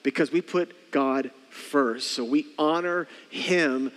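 An earnest male pastor preaching with a fairly high voice. He circles back on his phrases and sinks to hushed, quiet words for emphasis. His voice rings with a long reverb, as if in a large church hall. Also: slow pace. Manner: earnest, repeats phrases, drops to soft quiet tones for emphasis. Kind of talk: sermon.

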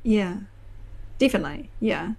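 A woman's voice: medium pitch, lively intonation, moderate pace, creaky, darkish tone, breathy edge. Chatty New Zealand woman, laughing often. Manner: chatty, laughs often, many fillers and restarts. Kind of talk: casual chat.

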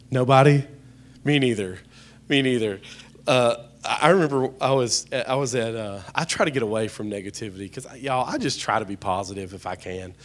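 A man's voice: on the low side, a bit bright. A man preaching a humorous sermon, telling jokey stories and calling out to the congregation. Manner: joking, storytelling, calls out to the congregation. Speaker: pastor.

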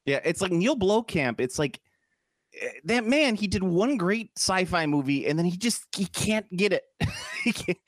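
A man's voice: high voice, normal speed, no echo. A man co-hosting a podcast, talking in loose, rambling casual chat. His voice moves freely up and down and he laughs easily, recorded close and dry with no room sound. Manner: animated, laughs often, rambling asides. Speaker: podcast co-host.

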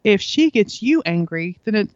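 A woman's voice: medium pitch, sing-song, moderate pace, darkish tone, dry recording, lo-fi sound. A middle-aged woman, a guest on a parenting interview, telling earnest stories and acting out the lines people said to her. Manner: earnest storytelling, acts out quoted lines, laughs often. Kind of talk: conversational interview.

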